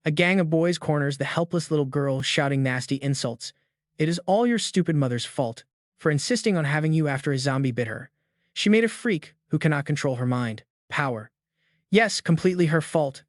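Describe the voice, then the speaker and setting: A man's voice: fairly high pitch, no room sound. Man narrating a story recap, dry.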